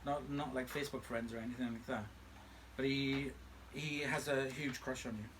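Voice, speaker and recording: A man's voice: mid-range voice, flat delivery, normal speed, noisy background. A man hosting a vacuum restoration channel, chatting casually from home in a playful, teasing way. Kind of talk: casual chat. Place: home room.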